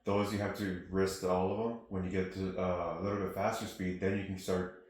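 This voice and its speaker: A man giving a casual drum lesson, explaining steps in a steady, practical way and counting rhythms aloud. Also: deep voice, brisk, very echoey. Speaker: drum instructor. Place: music studio room. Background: snare drum playing.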